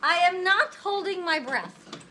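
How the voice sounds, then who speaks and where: A woman's voice: very high voice, lively intonation, measured pace, pushed and bright, full character voice. An actress playing a dry-witted young woman roommate in a sitcom, speaking in a dry, sarcastic way. The scene comes from a very noisy TV soundtrack. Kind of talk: sitcom acting.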